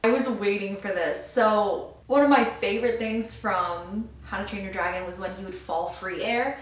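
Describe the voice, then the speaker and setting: A young adult woman vlogging her reactions to a book, gushing and excitable with lots of filler words. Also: mid-range voice, moderate pace, recorded from a distance. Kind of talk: casual reading vlog reactions. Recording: roomy sound, mic set back.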